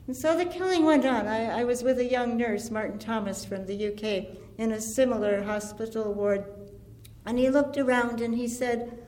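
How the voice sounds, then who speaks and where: A woman giving an impassioned antiwar speech, earnest and deliberate, building her points through lists. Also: on the high side, a little mellow. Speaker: antiwar activist speaker.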